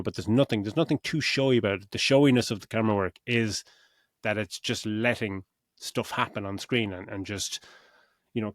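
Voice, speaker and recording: A man's voice: on the low side, no room sound. A middle-aged podcast co-host talks through a film review in a loose, rambling way, swearing freely and acting out his own reactions. His voice is recorded close and dry, with no room sound around it. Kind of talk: casual film review chat.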